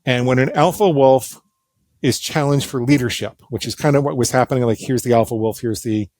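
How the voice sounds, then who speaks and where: A middle-aged man, a psychologist guest on an interview show, talks a little fast in a medium pitch with no echo. He tells his stories with animation and self-deprecating humor, acting out quoted voices.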